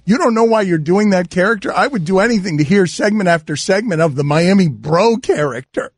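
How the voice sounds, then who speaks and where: A man's voice: high-pitched, expressive, brisk, no echo, clean studio sound. A man hosting a sports radio show, teasing and incredulous in casual banter.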